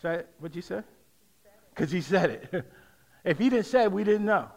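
A middle-aged man preaching a sermon, leading call-and-response and rising to shouts. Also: sits high, animated, moderate pace, creaky. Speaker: pastor.

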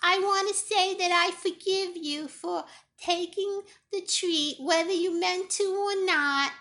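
Man doing a squeaky dramatic little girl dog. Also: fairly even intonation, slow pace, sharp tone, heavily acted. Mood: tender. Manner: dramatic, pleading, then sweetly tender. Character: sassy emotional young female pet dog.

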